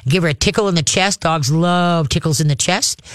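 A man giving casual dog-training advice to a caller, folksy and chatty, often checking in with "all right?" and sometimes slipping into a high coaxing dog-calling voice. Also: fairly quick, fairly bright tone, smooth, no room sound, clean studio sound. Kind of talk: casual radio advice chat.

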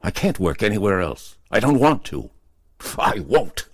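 A man's voice: a bass voice, moderate pace, husky, no echo, clean studio sound. A man voicing a stubborn, irritable male novelist who answers in a curt, scornful way in an audiobook reading. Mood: angry.

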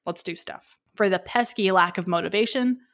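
A woman's voice: mid-range voice, normal speed, a bit bright. A young woman co-hosting a casual podcast chat, upbeat and jokey, laughing often. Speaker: podcast co-host.

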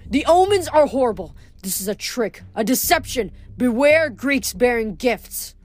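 A woman reading aloud puts on a scheming young man who bristles with rage, his lines pitched high and stretched slow. Every word is an accusation. It is a storybook reading with a soft music bed. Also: animated. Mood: angry. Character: young man, angry, scheming camp augur.

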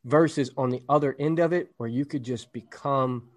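A man's voice: mid-range voice, moderate pace. A man co-hosting a podcast, talking in a casual, emphatic, motivational way and checking in with "right?". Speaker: podcast co-host.

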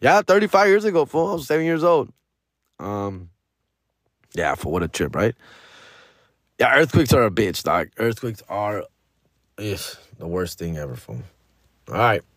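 A man's voice: lowish voice, big pitch swings, a little slow, pauses often, a bit bright, no echo, clean studio sound. Profane LA man telling stories. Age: 40s. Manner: profane, slangy, chuckling. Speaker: podcast host. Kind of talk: casual storytelling monologue.

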